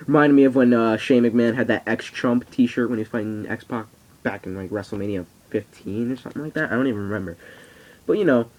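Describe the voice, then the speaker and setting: A teenage boy in a casual vlog, rambling excitably and swearing freely. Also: medium pitch, a little fast, rough recording. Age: teens. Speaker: vlogger. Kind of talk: casual wrestling reaction vlog. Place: at home on camera.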